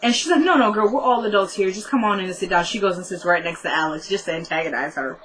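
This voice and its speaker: A young woman casually recapping a TV episode, acting out the characters' lines by jumping her pitch up and down. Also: fast, fairly bright tone, rough recording.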